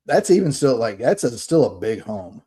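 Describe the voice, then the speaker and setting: A man with a Southern Alabama accent, chatting casually as a podcast co-host. His voice is dark and mellow, and he jokes around and laughs often. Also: medium pitch, very animated, normal speed, breathy edge. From Alabama, USA.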